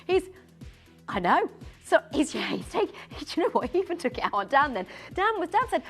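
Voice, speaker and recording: A woman presenting live on a shopping channel, excitable and giggly, often tripping over her words. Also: high voice, brisk, faint music behind. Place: TV studio.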